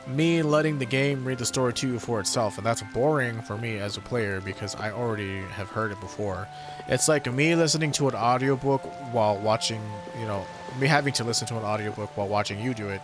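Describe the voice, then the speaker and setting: A man giving casual, rambling gameplay commentary, offhand and swearing freely, with game music behind him. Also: medium pitch. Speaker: gamer streamer.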